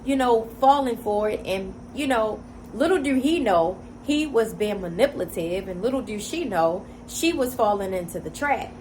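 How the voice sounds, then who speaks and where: A woman at middle pitch tells a personal story as a single-mother vlogger, emphatic and full of "you know". Her talk is emotional and conversational, with repeated words for stress. A faint hiss sits under her voice. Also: expressive, normal speed, hardly any pauses, darkish tone, rough recording.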